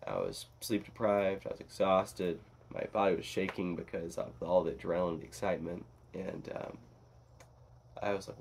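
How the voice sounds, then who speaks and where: A man vlogging in a casual, rambling monologue that is animated and full of swearing. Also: deep voice, moderate pace, creaky, a little hiss or hum.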